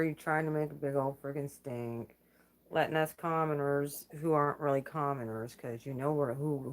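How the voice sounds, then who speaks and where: A woman's voice: deep voice, a bit bright, a little hiss or hum. A woman hosting her own channel, talking in a blunt, profane, casual vlog rant and laughing between remarks. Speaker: channel host.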